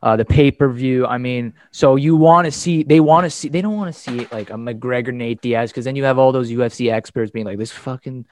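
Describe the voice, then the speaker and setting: A man chatting casually about a sports fight, animated, swearing and laughing between points. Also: mid-range voice, a little fast, hardly any pauses, no echo.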